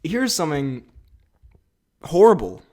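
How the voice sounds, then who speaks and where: A man's voice: on the high side, sing-song, slow pace, warm tone. A man hosting a podcast in casual chat, jokey and rambling, laughing often. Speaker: podcast host.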